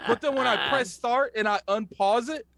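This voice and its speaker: A man's voice: very high voice, normal speed, gravelly, a bit bright, no echo. A man co-hosting a casual gaming podcast over a call, talking with many restarts and small laughs. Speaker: podcast co-host. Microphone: remote call mic.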